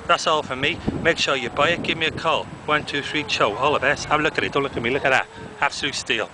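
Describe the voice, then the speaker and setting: A man's voice: on the high side, fast talker, noisy background, pitched above the performer's own voice, natural voice. A man playing a brash, pushy salesman doing a rambling hard sell.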